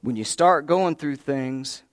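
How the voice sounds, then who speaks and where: A man's voice: medium pitch, expressive, slow pace, dry recording. Emphatic preacher man with a dry sound. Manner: emphatic storytelling, asks the crowd questions; talks directly to the congregation. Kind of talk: sermon.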